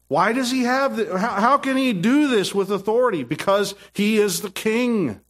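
A man's voice: high voice, big pitch swings, normal speed, hardly any pauses, a bit bright. A middle-aged man preaching a sermon with emphatic, repetitive phrasing and frequent restarts. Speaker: pastor.

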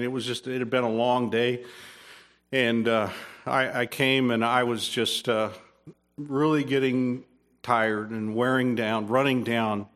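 A man's voice: medium pitch, a bit bright. A man pastor preaching a sermon, earnest, repeating phrases and restarting, rising emphatically when pressing a point.

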